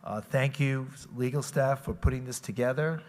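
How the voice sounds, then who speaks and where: A man serving as mayor and chairing a city meeting, informal and halting, often repeating himself into a desk microphone in council chambers. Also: mid-range voice, a little mellow, big-room sound.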